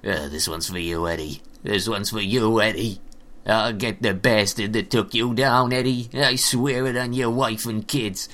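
A man's voice: fairly low pitch, steady tone, a little slow, fairly bright tone. A man voicing Pikachu as a cynical, profane hard-boiled male detective with a tough-guy drawl. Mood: brooding.

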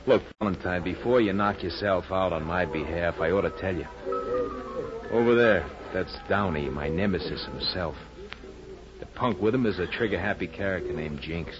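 A man's voice: sits low, moderate pace, music in the background, close to an everyday voice. A man playing a vain, theatrical informer in a 1940s radio drama, dramatic and self-mocking. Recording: dull old radio broadcast.

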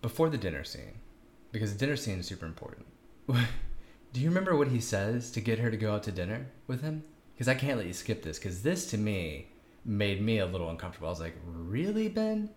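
A co-host in a casual film-review chat, animated, with jokey asides and acted-out quotes. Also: mid-range voice, quick pace. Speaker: podcast co-host. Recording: roomy echo.

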